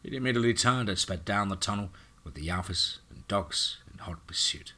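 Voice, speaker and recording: A man narrating a horror story in a dramatic, steady way. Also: fairly low pitch, a little fast.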